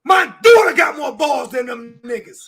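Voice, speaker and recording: A man's voice: very high voice, animated, moderate pace, gravelly, fairly bright tone, raised voice. A man on a sports talk show, ranting with heavy swearing and repeating his words. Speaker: show regular.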